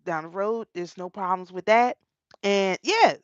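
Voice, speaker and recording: A middle-aged woman vlogger telling a personal story in a casual, animated way, often repeating and restarting her phrases. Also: mid-range voice, unhurried, dry recording. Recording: dull, dry lo-fi sound.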